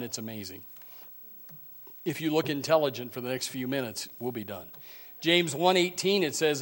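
A pastor preaching a sermon in a church, folksy and joking, with many fillers and restarts, moving between quiet asides and loud emphatic preaching. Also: male voice, mid-range voice.

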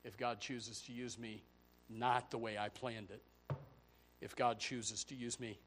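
Male pastor delivering a sermon, mid-range pitch, rhetorical questions, hushed-to-shouted swings. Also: little pitch movement, unhurried, a little hiss or hum.

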